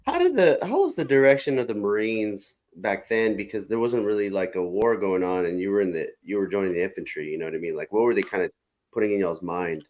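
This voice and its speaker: A man's voice: on the low side, animated, fast talker, a little mellow. A man hosting a podcast, asking loose, casual questions full of "like" and "y'all". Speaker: podcast host.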